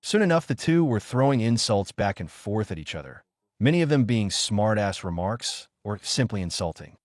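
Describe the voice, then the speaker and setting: A man narrating a fan fiction story aloud. His voice is low, and his delivery is animated with wide swings in pitch. The sound is close and very dry. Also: normal speed, no echo.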